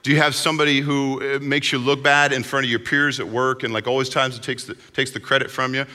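A pastor delivers a conversational, animated sermon, talking fast in a bright, forceful, middle-pitched voice. A long reverb from a large hall carries the sound.

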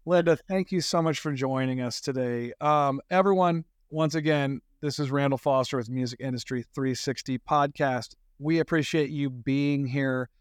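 A man's voice: mid-range voice, moderate pace, hardly any pauses, smooth, dry recording, studio quality. A man hosting a podcast interview, friendly and enthusiastic, often restarting his sentences. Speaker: podcast host.

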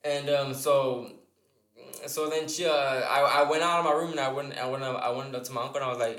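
A young man tells a rambling, profane story at a quick clip, tripping over himself with restarts and fillers. His voice sits at an ordinary pitch for a man. The sound carries a noticeable room echo. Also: fairly even intonation, fairly bright tone. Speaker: podcast co-host. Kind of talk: casual storytelling chat. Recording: echoey room.

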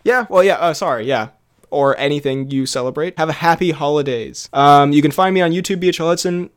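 A man's voice: on the high side, fairly quick, smooth. A man co-hosting a comedy podcast, giggly and apologetic, rambling with many fillers. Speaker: podcast co-host.

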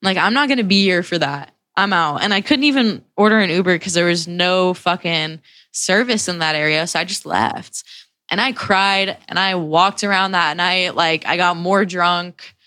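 A young woman in her twenties hosting a podcast, telling a personal story in a casual, profane, animated way and acting out what people said. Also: lowish voice, normal speed, no echo. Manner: profane, animated retelling with acted-out quotes. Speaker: podcast host.

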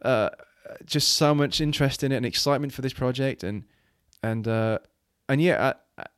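This interview guest, a children's ministry leader from Wales, has a smooth, fairly bright, mid-range voice and speaks at a normal speed. He rambles earnestly in the casual conversation, full of restarts and fillers, captured in a dry recording with clean studio sound.

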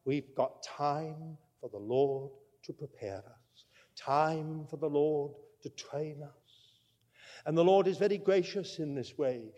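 Emphatic high-voiced male preacher. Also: slow, in a large hall, highs cut off. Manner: emphatic, swings from loud declaration to low asides. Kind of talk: sermon.

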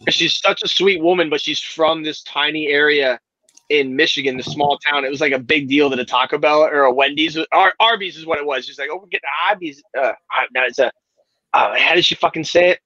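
Quick, bright-toned joker, muffled dry lo-fi mic. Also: male voice, a little high, no room sound. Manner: rapid, joking, swears freely. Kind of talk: casual profane chat. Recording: dry, dull lo-fi sound.

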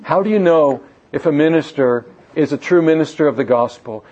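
A man with a voice on the high side, a little mellow, teaches on a Bible passage in sermon style, speaking a little slowly with few pauses. He is earnest, asks his listeners questions and often repeats words as he restarts a phrase. The recording is dull and lo-fi.

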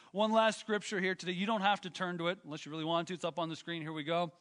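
A man's voice: high-pitched, level tone, fast, few pauses, a bit bright, long reverb tail. A man preaching a sermon as pastor, slightly out of breath, emphatic and rising as he reads scripture aloud in a church. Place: church sanctuary.

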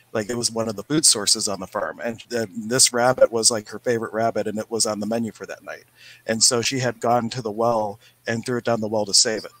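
A man's voice: mid-range voice, a bit bright, poor audio. A man co-hosting a casual chat about spirituality from home, rambling and telling stories. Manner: rambling, storytelling, quick bursts. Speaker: podcast co-host.

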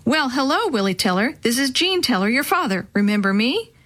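A woman's voice: fairly high pitch, sing-song, brisk, fairly bright tone, pitched above the performer's own voice. A woman voicing a friendly father who jokes on the phone in a children's story. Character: warm father calling home.

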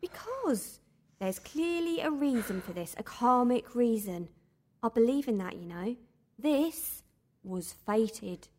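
A woman playing a calm, sardonic spa worker. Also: a little high, takes it slowly. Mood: airy. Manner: dry, unflappable, new-agey. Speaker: spa employee. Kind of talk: audio drama acting.

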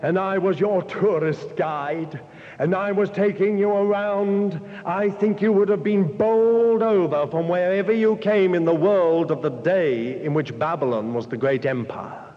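A man's voice: sits high, moderate pace, few pauses. A man preaching a sermon, speaking to his listeners directly and building long repeated lists. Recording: dull, echoey hall recording.

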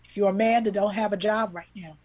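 A woman's voice: medium pitch, fairly even intonation, fairly quick, a little mellow. A woman, a children's book author and illustrator, telling a heartfelt story as a podcast guest, earnest and emotional, repeating words when moved.

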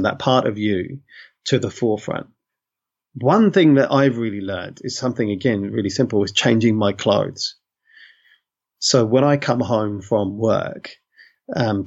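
A London man speaks as an interview guest in a reflective, conversational way, thoughtful and often correcting himself while saying "you know" a lot. His voice is fairly low, and the sound is lo-fi.

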